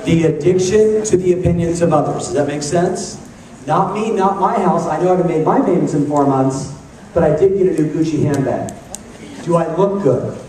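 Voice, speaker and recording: A man giving an energetic motivational talk to a live audience, joking and firing questions at the crowd. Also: fairly high pitch, a little hiss or hum. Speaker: motivational speaker. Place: large conference hall. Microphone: handheld camcorder in the audience. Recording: echoey hall taped from far off on a camcorder.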